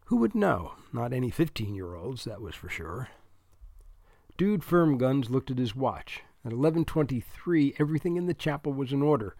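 A man's voice: mid-range voice, vocal fry, a little mellow, no room sound, studio quality. A man reading a comic novel aloud as narrator, wry and dryly humorous, with asides to the listener. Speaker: audiobook narrator.

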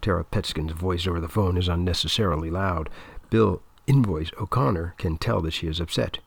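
A man reading a story aloud with a steady, even delivery. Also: deep voice, fairly quick, creaky, slightly rough, no echo. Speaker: narrator. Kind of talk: audiobook narration.

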